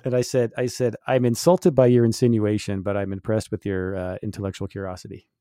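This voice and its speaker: A man in his fifties, co-hosting a podcast, telling a story in lively casual chat and laughing often. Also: on the low side, fairly quick, no room sound, studio quality. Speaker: podcast co-host.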